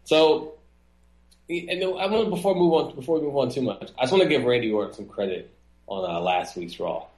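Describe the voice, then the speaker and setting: A man co-hosting a casual wrestling podcast, talking in an animated way and acting out quotes in a high mocking voice. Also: fairly quick, echoey room, poor audio. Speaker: podcast co-host.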